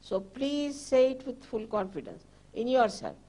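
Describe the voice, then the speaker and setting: An older woman leads a guided meditation in a slightly high voice. She speaks very slowly and gently, and she repeats her instructions patiently. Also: very animated. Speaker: spiritual teacher.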